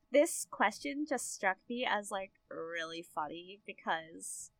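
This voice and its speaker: A woman's voice: mid-range voice, lively intonation, slow pace, a bit bright, no room sound. A young adult woman hosting a podcast in casual chat, talking loosely with many fillers and frequent laughs. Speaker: podcast co-host.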